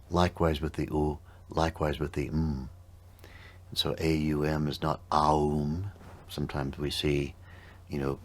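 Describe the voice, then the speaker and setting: A man teaching about meditation, explaining at a measured, unhurried pace. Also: very deep voice.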